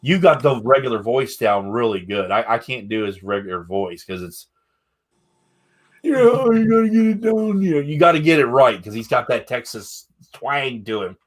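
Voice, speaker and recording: A man's voice: lowish voice, expressive, normal speed, few pauses. Candid, rambling male podcast host. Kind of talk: casual interview chat.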